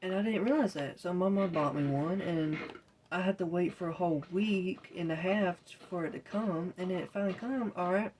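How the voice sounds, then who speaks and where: Woman, casual storytelling, low-pitched voice, rambling, exasperated, faint keyboard typing behind. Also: normal speed, a little mellow, slight background noise. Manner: rambling, exasperated retelling with quoted self-talk. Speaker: vlogger. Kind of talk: casual storytelling while gaming.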